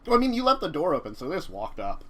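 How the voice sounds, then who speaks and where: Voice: medium pitch, huge pitch swings, racing, a bit bright. Game master running a tabletop game, bouncy voice all over the place, jokey, lots of laughing. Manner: laughs often, playful teasing. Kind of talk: hosting a tabletop game session.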